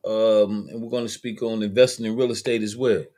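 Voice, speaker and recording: A man's voice: lowish voice, little pitch movement, fairly quick, darkish tone. A man hosting a call-in talk show, speaking in a loose, friendly way with many fillers and restarts. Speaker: show host.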